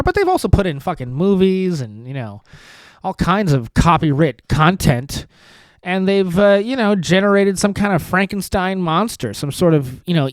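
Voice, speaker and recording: A man's voice: high voice, no echo. A man hosting a solo podcast from a studio apartment, talking in a rambling, profane, sardonic monologue full of restarts. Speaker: podcast host.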